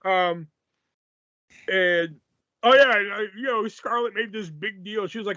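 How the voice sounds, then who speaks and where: A man's voice: high voice, moderate pace, pauses often, sharp tone, dry recording, lo-fi sound. A man co-hosting a podcast in casual chat, sarcastic and profane, often laughing. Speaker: podcast co-host.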